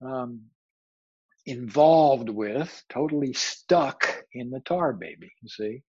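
A man's voice: medium pitch, takes it slowly, a little mellow, breathy edge, no echo. A man giving a spiritual lecture as a teacher, reflective and searching for his words, often repeating phrases. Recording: dull, slightly muffled recording.

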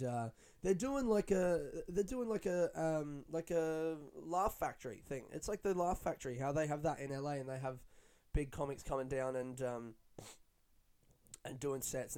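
A young adult man, a stand-up comedian, rambling in a casual, excitable monologue full of swearing. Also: mid-range voice, moderate pace. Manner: profane, chatty, excitable.

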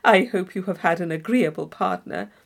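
A woman's voice: on the low side, normal speed, gravelly. A woman reading an audiobook, voicing a proud, doting middle-aged mother with a complacent, boastful manner.

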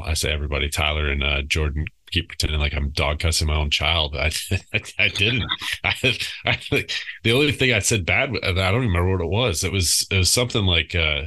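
A man with a low but bright, forceful voice tells a lively story on a podcast. He acts out the voices in his quotes and laughs through his own tale. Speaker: podcast co-host and youth coach. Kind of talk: casual podcast chat.

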